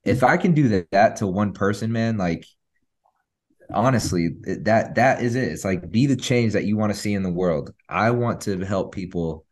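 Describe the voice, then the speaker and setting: A man's voice: fairly low pitch, moderate pace, darkish tone. A man guest on a podcast speaking earnestly in casual chat, often restarting his words.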